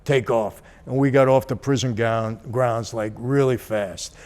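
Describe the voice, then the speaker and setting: A man with a middle-range voice tells a personal story in a casual, animated way. He acts out the dialogue as he talks, like he's chatting to his viewers. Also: medium pitch, unhurried. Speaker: channel host.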